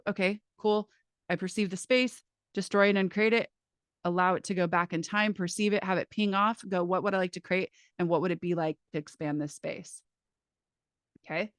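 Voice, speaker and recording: A woman teaching a live class in a casual, lively way, swearing now and then and restarting her sentences. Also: lowish voice, dry recording, studio quality. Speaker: class facilitator.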